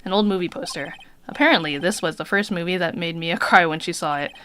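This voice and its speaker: A woman reading the lines of a wry young male defense lawyer in a dry, deadpan way. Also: lowish voice, fast, a little hiss or hum.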